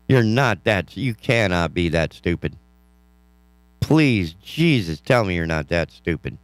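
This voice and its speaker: A man with a low, smooth and resonant voice hosts a talk show, reading the news aloud and breaking off into sarcastic, ranting asides. The mic sound is close and dry. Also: no echo. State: yawning, tired. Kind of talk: casual news commentary.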